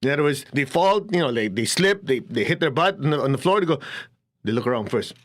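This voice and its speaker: A man giving a spiritual talk to an audience, at a middle pitch for a man. He tells stories with animation and breaks into quick laughs. He acts out the people in his stories as he goes. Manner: animated storytelling, acts out quoted voices, laughs often. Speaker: spiritual teacher. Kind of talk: lecture to an audience.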